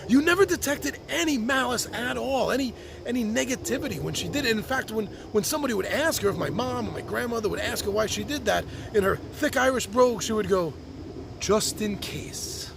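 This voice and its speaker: A man delivers a personal open-letter monologue in a heartfelt, reflective way. His voice sits fairly high and carries a gravelly fry. His pitch moves widely as he speaks. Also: animated, quick pace, hardly any pauses, noisy background. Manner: heartfelt and reflective, with a few repeated restarts. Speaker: podcast host writing to his birth mother.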